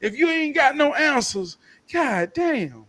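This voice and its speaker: High, bright-voiced emphatic man. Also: very animated, takes it slowly. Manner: emphatic, stammering interjections. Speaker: podcast co-host. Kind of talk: casual podcast talk.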